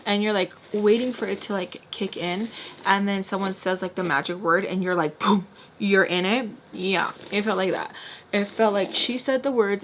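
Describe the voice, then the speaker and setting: A young woman vlogger telling a story in casual chat while doing her makeup. She is animated, packs her talk with fillers and drops into whispered asides. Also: medium pitch, slight background noise. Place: home room, doing makeup.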